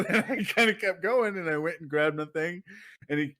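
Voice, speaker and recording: A man's voice: on the high side, normal speed, a bit bright. A young man co-hosting a podcast, chatting casually, swearing and laughing as he tells stories. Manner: laughing, swearing, loose storytelling. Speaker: podcast co-host. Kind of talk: casual chat.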